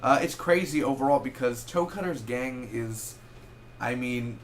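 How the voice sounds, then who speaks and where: A man's voice: medium pitch, slight background noise. Rambling young man reviewing a movie. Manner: rambling, self-correcting, animated with quick asides. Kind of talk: casual spoken film review.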